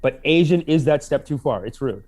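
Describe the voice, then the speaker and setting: A man co-hosts a podcast in loose, jokey banter and laughs often. His voice sits high and moves through a very lively pitch range. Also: normal speed. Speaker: podcast co-host. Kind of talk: casual chat.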